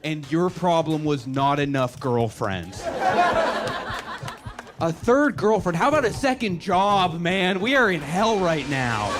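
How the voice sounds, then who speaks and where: A man from Massachusetts, doing a stand-up set with sardonic, rapid storytelling. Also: on the high side. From Massachusetts, USA. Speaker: stand-up comedian. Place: comedy club stage with audience. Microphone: handheld stage mic.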